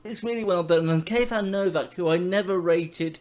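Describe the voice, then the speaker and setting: A man's voice: high-pitched, normal speed, darkish tone. A man hosting a casual review podcast, enthusiastic and self-deprecating. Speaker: podcast host.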